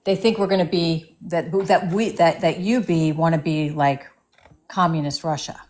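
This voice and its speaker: A middle-aged woman takes part in a casual online discussion, speaking hesitantly and frequently checking that she has things right. Her voice is low and darkish, with fairly even intonation and a moderate pace.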